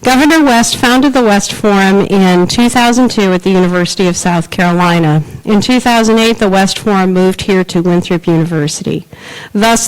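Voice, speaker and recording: A woman's voice: medium pitch, rough recording. A woman hosting a forum, reading a formal prepared introduction of the speaker. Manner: formal, reads from prepared remarks. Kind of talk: scripted introduction.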